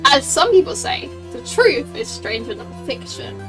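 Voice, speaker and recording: A woman's voice: high-pitched, sing-song, measured pace. A woman voicing a bold young male defense lawyer in a game, speaking in an earnest, determined way, recorded a bit far from the mic with game music behind.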